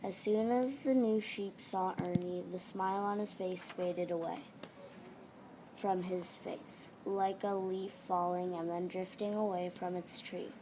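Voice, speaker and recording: A woman's voice: on the low side, steady tone, a little slow. A woman reading a children's story aloud with plain, careful narration over a noisy home recording.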